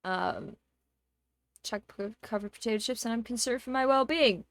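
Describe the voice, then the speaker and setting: A young woman streamer casually telling a story to her chat, exasperated and animated, with swearing and fillers. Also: on the high side, normal speed, dry recording. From Canada.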